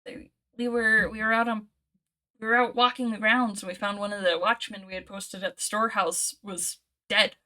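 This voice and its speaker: A woman's voice: medium pitch, level tone, normal speed, pushed and bright, natural voice. A woman voicing a shaken female goblin explaining a death to the newcomers. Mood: worried. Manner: worried, pleading.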